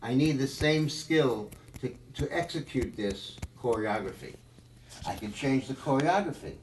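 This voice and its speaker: This man teaches drums live in an animated, medium-pitched voice, going a little slowly as he rambles and thinks aloud with frequent fillers. Captured by a far-off mic in an echoey room with background noise.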